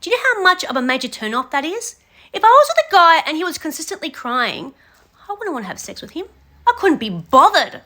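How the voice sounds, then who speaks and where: A woman's voice: sits high, big pitch swings, a little fast, pushed and bright. A young adult woman giving blunt, scolding reality show commentary, speaking straight to a contestant. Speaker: reaction commentator.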